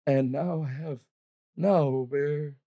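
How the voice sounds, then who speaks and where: A man doing a flustered dwarf keeper in a tabletop game, fussy and rambling, with a dark, mellow tone and a dry, close sound. he scolds and apologizes in the same breath. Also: fairly high pitch, steady tone, slow pace, no echo. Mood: apologetic.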